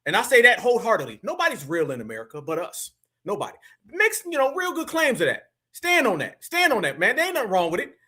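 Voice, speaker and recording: High, bright-voiced mocking stream host. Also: male voice, wildly swooping pitch, fast talker, breathy edge. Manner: emphatic, mocking, laughs often. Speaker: live-stream commentator. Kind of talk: live reaction commentary.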